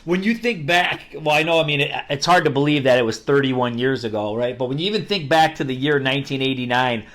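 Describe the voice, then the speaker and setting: A man hosting a podcast interview, relaxed and reassuring, asking long, enthusiastic questions. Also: mid-range voice, fast, few pauses. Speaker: podcast host. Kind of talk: casual interview.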